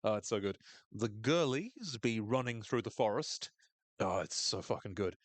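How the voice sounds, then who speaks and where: A man's voice: fairly low pitch, lively intonation, normal speed, no echo. A man hosting a podcast recap, chatting casually and enthusiastically, swearing freely and acting out quoted lines in shifting voices. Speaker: podcast host recapping a TV episode.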